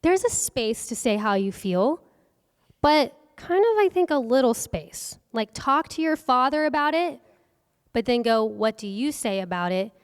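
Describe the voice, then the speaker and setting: A woman's voice: sits high, expressive, a little slow, clean tone. Earnest woman speaking in a reverberant hall. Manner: earnest, conversational, asks the audience questions. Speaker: workshop speaker. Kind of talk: faith-based workshop talk. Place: event hall.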